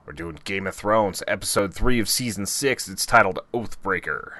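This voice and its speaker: A man's voice: deep voice, expressive, moderate pace, sharp tone, no room sound. A man co-hosting a podcast, laid-back and casual in a TV episode recap chat. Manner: laid-back, chuckles often. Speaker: podcast co-host.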